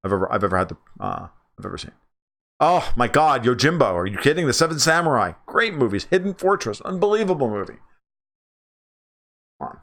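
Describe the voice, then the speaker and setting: Profane, animated man ranting on a livestream. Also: a little fast. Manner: profane, emphatic, restarts a lot, pitch jumps up when excited. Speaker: livestream host. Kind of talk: casual livestream rant.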